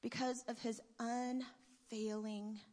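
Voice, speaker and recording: Her fairly high, slightly mellow voice is flat in delivery and slow as she offers an emotional testimonial in a church sanctuary. The woman, a church member paying tribute, laughs between phrases, and the hall adds long reverb.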